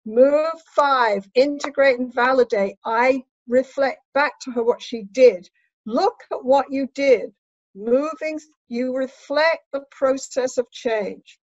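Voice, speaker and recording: Brief: woman therapist-trainer lecturing, fairly high voice, instructive and emphatic, dull dry recording. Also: a little slow, a little mellow, no echo. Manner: instructive, emphatic, checks in with "right?". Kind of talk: teaching lecture.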